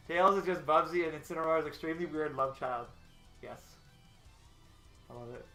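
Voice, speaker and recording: A man's voice: a little high, measured pace, long pauses, sharp tone. A man casually chatting on a live stream while working, rambling and laughing often. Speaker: artist hosting a storyboarding stream. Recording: echoey room with faint music.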